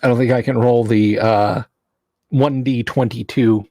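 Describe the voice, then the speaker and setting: A man's voice: medium pitch, steady tone, unhurried, darkish tone, no room sound, studio quality. A man hosting a casual livestream, chatty, reading viewer names aloud and laughing easily. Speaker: livestream host.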